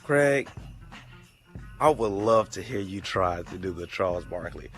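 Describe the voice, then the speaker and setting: A man's voice: deep voice, lively intonation, unhurried, faint music behind. A man co-hosting a sports radio show, teasing his partner in a playful way. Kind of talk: casual sports radio chat. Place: radio studio.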